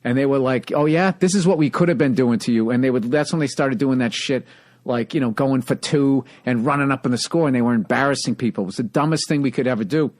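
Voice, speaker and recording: Profane, animated Boston man. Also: medium pitch, quick pace, no room sound. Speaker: podcast host. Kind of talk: casual chat.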